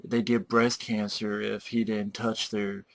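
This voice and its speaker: A dull young guy who mumbles along in a flat, emotionless monotone, his voice a touch lower than the speaker's own, as a man mimics him. It comes across soft and lifeless. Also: a little slow, vocal fry, dry recording.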